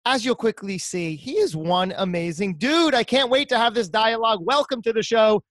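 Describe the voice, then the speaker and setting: A man's voice: high voice, normal speed, fairly bright tone, dry recording. A man hosting a podcast interview, enthusiastic and full of compliments for his guest. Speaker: podcast host. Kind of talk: casual interview chat.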